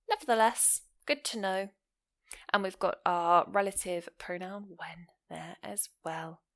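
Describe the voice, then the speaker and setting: A woman explaining English grammar in an online lesson, speaking clearly and pausing to ask the listener questions. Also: medium pitch. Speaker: English teacher.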